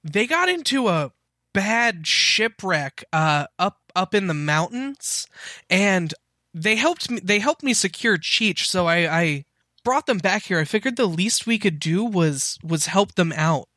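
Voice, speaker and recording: A man's voice: high voice, animated, unhurried, sharp tone, no room sound, studio quality, heavily acted. A man voicing a nervous, eager young guide who stammers and repeats his words. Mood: earnest.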